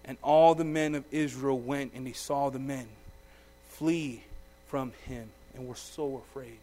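A man preaching a sermon, reading scripture with some stumbles and then asking his listeners direct questions, his voice swinging from loud to very quiet. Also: medium pitch, steady tone, a little slow, a little hiss or hum.

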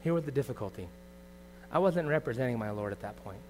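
A middle-aged man preaching a sermon as pastor, earnest and confessional, moving from quiet reflection to loud bursts. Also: medium pitch, lively intonation, quick pace, a little hiss or hum.

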